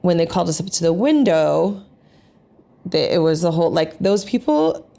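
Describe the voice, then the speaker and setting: A woman vlogger telling a family travel story in an animated, rambling way, full of fillers. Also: fairly low pitch, normal speed, vocal fry. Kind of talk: casual storytelling to camera.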